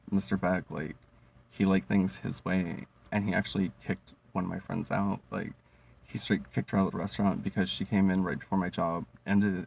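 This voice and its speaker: Young man, storytime vlog, low pitch, husky, gravelly, profane and animated, distant mic. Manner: profane, animated, laughs often, many fillers. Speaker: vlogger. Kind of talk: storytime monologue.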